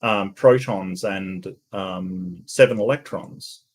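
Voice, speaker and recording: A man with a lowish, husky voice talking casually as a stream guest. He pushes hard on his points, then stalls with fillers and corrects himself mid-sentence. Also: slow pace. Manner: emphatic, fumbling with fillers, self-correcting. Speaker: guest co-host. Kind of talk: casual reaction-stream chat.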